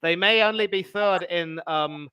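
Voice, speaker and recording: A man co-hosting a football watch-along, talking through the match with measured, grumbling analysis. His voice is smooth, bright and slightly high, recorded close and dry. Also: dry recording. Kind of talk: casual live football reaction.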